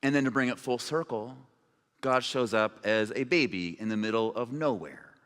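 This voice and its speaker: A man's voice: mid-range voice, moderate pace, fairly bright tone. A man preaching a sermon as pastor, in a conversational, informal way with asides. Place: church sanctuary. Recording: long reverb of a large hall.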